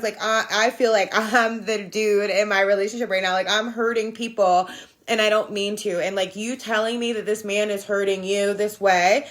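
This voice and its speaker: A woman with a medium-pitched, slightly bright voice hosts a casual spiritual livestream. She talks candidly, swears a lot, laughs often and responds to viewers' comments.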